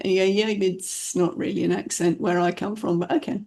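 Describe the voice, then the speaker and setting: A woman's voice: lowish voice, brisk. A woman from the UK hosting a podcast interview, telling stories in a playful, chatty way. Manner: animated storyteller, playful. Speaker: podcast host, message clarity specialist. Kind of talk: casual interview chat.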